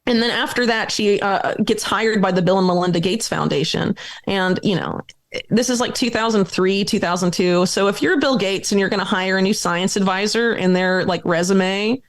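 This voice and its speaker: A woman guest on a podcast, talking quickly and emphatically through a long, detailed explanation full of dates and names. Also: medium pitch. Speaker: guest author and journalist.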